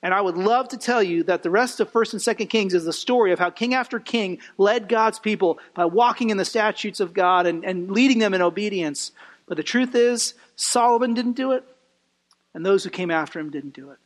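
A man's voice: sits high, fairly quick. A man preaching a sermon in a church, earnest and building emphasis with rhetorical questions. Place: church sanctuary. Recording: long reverb of a hall.

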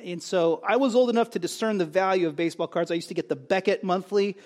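A man with a notably high voice delivers a sermon. He preaches in a conversational way, lifting his voice for emphasis and dropping it for quiet asides. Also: fast. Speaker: pastor.

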